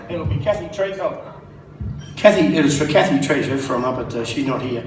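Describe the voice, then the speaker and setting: A man giving a rambling, halting tribute speech at a memorial gathering, telling jokes. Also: a little high, expressive, noisy background. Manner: rambling, halting, self-interrupting. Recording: roomy sound from a distant mic.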